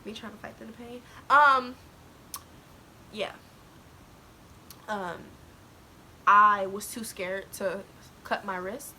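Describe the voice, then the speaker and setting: A teenage girl vlogs candidly to the camera, telling a personal story in African American slang, quoting others and laughing to cope. Her mid-range voice is slow and sharp-toned with long pauses, and a little hiss or hum sits underneath.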